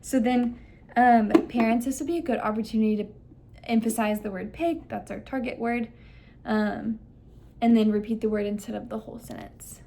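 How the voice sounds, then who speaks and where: A young woman with a fairly high, mellow voice explains a children's listening activity to parents step by step. She leans hard on key words to show how to stress them. There is a faint hiss behind her. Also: steady tone, normal speed, creaky. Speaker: speech therapist demonstrating to parents. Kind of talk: instructional demonstration.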